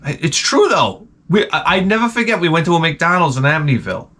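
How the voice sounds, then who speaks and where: A middle-aged man rants as a comedic host, rambling and swearing freely. His voice sits a little high for a man and swings widely up and down as he riffs. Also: fast. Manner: rambling, profane, animated ranting. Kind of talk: comedic monologue.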